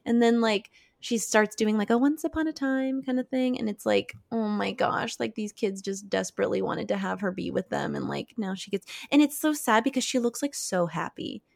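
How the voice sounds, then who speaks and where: A woman's voice: mid-range voice, normal speed, vocal fry, few pauses, no echo. A young woman in casual chat, eagerly retelling film scenes and acting out the characters' lines. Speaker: co-host discussing a film.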